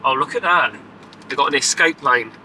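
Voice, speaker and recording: A man chatting casually and excitedly to camera as a travel vlogger, driving and walking about. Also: medium pitch, normal speed, slight background noise, rough recording. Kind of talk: casual travel vlog chat. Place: in a car and outdoors.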